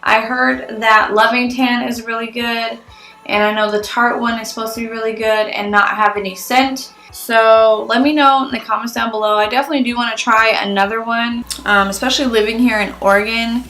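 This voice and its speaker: Young female beauty vlogger, casual and chatty, a bit high, gravelly fry. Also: steady tone, brisk, sharp tone, rough recording. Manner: chatty, frequent "like" fillers. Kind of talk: casual product review vlog.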